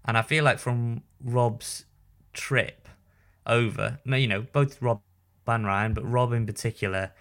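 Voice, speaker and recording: A man co-hosting a podcast in casual chat, talking haltingly with many restarts and repeated words. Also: mid-range voice, fairly even intonation, a bit bright. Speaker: podcast co-host, newspaper writer.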